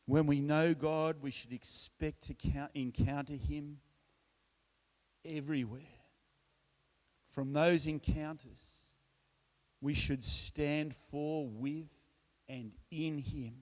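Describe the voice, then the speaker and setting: In a fairly high voice, slowly and with long pauses, a middle-aged Australian man recounts a personal testimony at church. The telling is relaxed and story-driven, with self-deprecating humor and frequent restarts.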